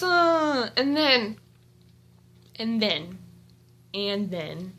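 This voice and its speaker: A young woman vlogging at home, telling an excited story with giggles and gushing fangirl energy. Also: fairly high pitch, slow pace, pauses often, slight background noise. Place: indoors at home.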